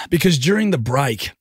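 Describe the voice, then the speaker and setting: A man's voice: a little high, very animated, unhurried, husky, no echo, clean studio sound. An Australian man co-hosting a radio show in casual, joking banter, laughing often. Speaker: radio co-host. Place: radio studio.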